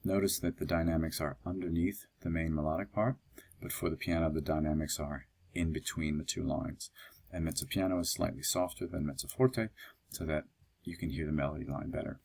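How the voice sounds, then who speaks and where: Male tutor, very low gravelly voice, unhurried screencast explainer. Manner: calm, explanatory, with fillers. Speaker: music teacher.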